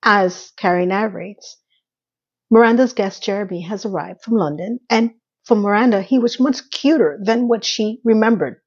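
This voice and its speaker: A woman's voice: medium pitch, normal speed, lo-fi sound. A woman giving a casual, chatty recap of a TV episode, with asides and playful impressions. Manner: chatty and conversational, with asides, mock sound effects and impressions of characters.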